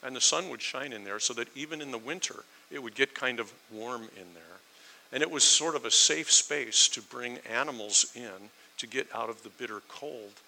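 A man's voice: mid-range voice, normal speed, vocal fry, bright, forceful tone, slight background noise, low-quality recording. A middle-aged man preaching a sermon, telling stories with emphasis. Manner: storytelling, emphatic. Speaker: pastor.

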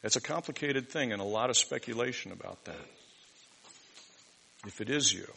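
Bright-voiced male preacher with big dynamic swings. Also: mid-range voice, moderate pace, gravelly, slightly rough, low-quality recording. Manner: dynamic preaching, swings from hushed to loud emphatic. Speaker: pastor. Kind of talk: sermon.

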